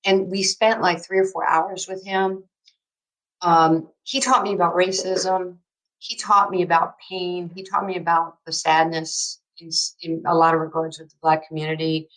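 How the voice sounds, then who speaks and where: A woman, telling a story as a guest in an interview, emphatic and excitable and laughing through her words. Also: on the low side, normal speed, rough recording. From New York. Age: 60s. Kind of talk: animated storytelling in a podcast interview.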